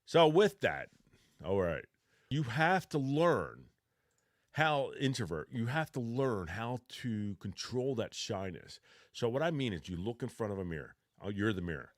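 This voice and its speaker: A man's voice: mid-range voice, big pitch swings, unhurried, no echo, studio quality. A man hosting a podcast, giving casual job-search advice in a rambling way, full of restarts and acted-out practice interviews.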